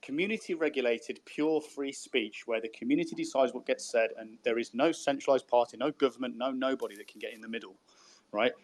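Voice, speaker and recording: Animated man. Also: mid-range voice, a little fast. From Birmingham, England. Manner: animated, swears casually, repeats words when starting a sentence. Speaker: podcast co-host. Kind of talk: casual podcast chat.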